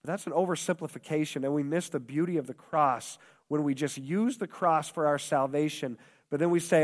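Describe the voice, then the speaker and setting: Preaching at normal speed in a slightly high voice, this man is a pastor in a church hall where the sound carries a long reverb. His sermon is passionate and repetitive, and he performs the voices he quotes.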